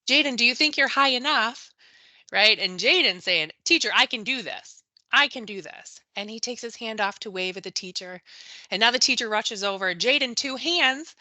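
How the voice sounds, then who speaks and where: A woman's voice: medium pitch, pushed and bright, dry recording. A woman presenting a live webinar on early childhood education, who often tags her sentences with a questioning "right?" and talks to attendees by name. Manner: addresses attendees by name and reads the chat.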